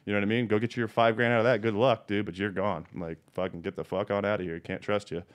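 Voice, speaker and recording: Fast-talking, profane man telling stories. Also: fairly low pitch. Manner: profane, blunt, animated storyteller. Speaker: podcast host. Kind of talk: casual storytelling.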